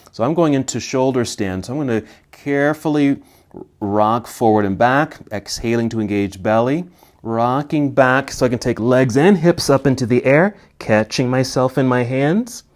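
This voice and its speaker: A middle-aged man teaching a yoga class, calmly cueing poses and breaths, slightly out of breath. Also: mid-range voice, normal speed. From United States. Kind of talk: guided yoga class instruction.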